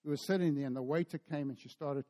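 A middle-aged man with a South African accent preaching a sermon, telling a story and acting out the dialogue in it with lively energy. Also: on the high side, quick pace. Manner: storytelling, animated, acts out dialogue. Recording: long hall reverb.

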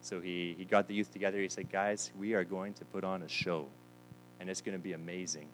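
A man's voice: deep voice, little pitch movement, a little fast, faint music behind, poor audio. A man preaching a sermon, telling stories and acting out the lines of the people in them. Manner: storytelling with quoted voices, repeats words. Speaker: pastor.

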